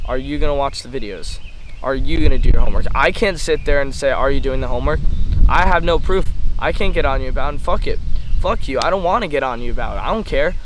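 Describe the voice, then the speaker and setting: A man's voice: mid-range voice, lively intonation, fast talker. A teenage boy outdoors at a playground, giving a blunt, profane motivational rant straight at the viewer. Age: teens. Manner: blunt, profane, fired-up, lectures the viewer directly. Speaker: trading mentor vlogger. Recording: phone recording outdoors with faint background noise.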